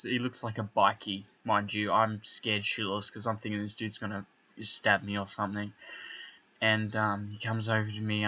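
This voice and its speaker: A young man telling a story in casual podcast chat, animated and full of swearing, asking "right?" as he goes. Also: lowish voice, lo-fi sound. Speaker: podcast co-host.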